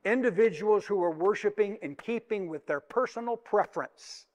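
A man's voice: sits high, moderate pace, hardly any pauses. Dynamic preacher man in a reverberant hall. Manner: dynamic preaching, swings from soft asides to loud emphatic peaks; asks the congregation questions. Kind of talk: sermon.

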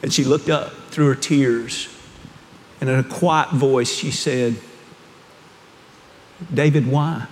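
Storytelling preacher in a reverberant hall. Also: male voice, medium pitch, fairly even intonation, measured pace, a little hiss or hum. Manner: storytelling, swings from hushed to rising fervor. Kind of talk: sermon.

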